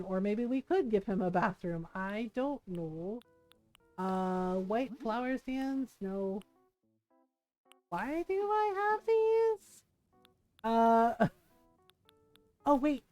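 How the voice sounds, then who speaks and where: Slow, giggly woman streamer thinking aloud. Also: medium pitch, mellow, no room sound. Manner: chatty, giggly, thinks aloud with many fillers. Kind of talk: casual gameplay commentary.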